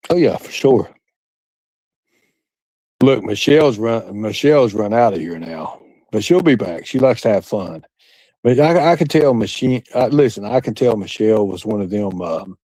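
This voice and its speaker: Crude, boastful man with a mellow voice. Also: medium pitch, expressive, normal speed, no echo, rough recording. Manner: crude, boastful and rambling, with frequent laughs. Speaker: livestream host. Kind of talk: casual chat with a live audience.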